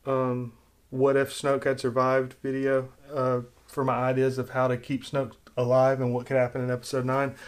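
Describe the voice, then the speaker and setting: Opinionated man rambling about a film. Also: medium pitch. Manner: opinionated, rambling, animated when critical. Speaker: film commentator. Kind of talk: casual rewrite commentary.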